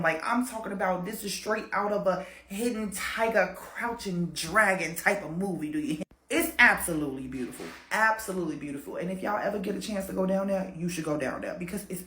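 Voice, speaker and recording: A woman from tells a paranormal story, animated and full of swearing and laughter. Her talk is loose and conversational, at an average pitch. The recording has a roomy, echoing sound. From Chicago, USA. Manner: animated, profane, laughs a lot. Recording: roomy echo.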